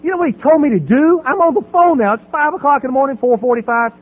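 A man's voice: very high voice, lively intonation, quick pace. A middle-aged man sharing his recovery story from a podium, telling it with humor and acting out the voices in dialogue. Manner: storytelling, acts out voices in dialogue, laughs at himself. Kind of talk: personal testimony from a podium. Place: meeting hall at a podium. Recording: tinny phone-like sound with mains hum.

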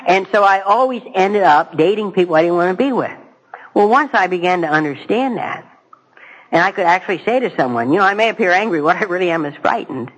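A man's voice: sits high, lively intonation, fairly quick, fairly bright tone, poor audio. A middle-aged man giving a personal testimony at a recovery meeting, conversational and self-mocking, speaking straight to the audience. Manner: direct to audience, asks questions.

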